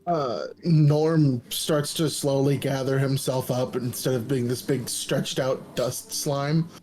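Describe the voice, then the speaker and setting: A man's voice: medium pitch, steady tone, slow, darkish tone, faint music behind, poor audio. A man playing a tabletop game, joking around with the group. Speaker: player.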